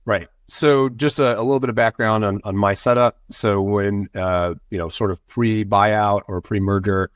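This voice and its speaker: A man who is a physician guest on a podcast, explaining things in a measured, conversational way. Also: on the low side, fairly even intonation, no echo, studio quality. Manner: measured, explanatory, with many fillers. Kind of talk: conversational interview answers.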